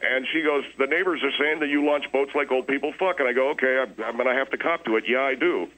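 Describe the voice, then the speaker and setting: A man's voice: mid-range voice, fast talker, a bit bright, natural voice, low-quality recording. A man playing a rambling, defensive boater who tells his mishaps at length. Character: middle-aged man, blustering hapless boater.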